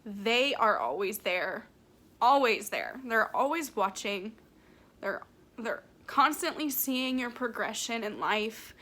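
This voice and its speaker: Woman, medium, vlog, close to tears, halting, fairly high voice, slow delivery. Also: sharp tone. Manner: tearful, halting, grateful, many fillers and restarts. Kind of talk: emotional personal vlog.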